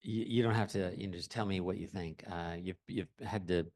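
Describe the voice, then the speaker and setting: A man's voice: deep voice, fairly even intonation, a little mellow. A man moderating a panel, stopping and restarting often as he hands over to guests. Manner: halting, many fillers and restarts.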